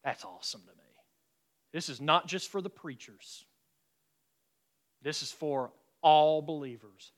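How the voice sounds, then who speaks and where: A man preaching a sermon as pastor in a church, swinging between loud exhortation and quiet, intimate passages. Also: fairly high pitch, measured pace, pauses often.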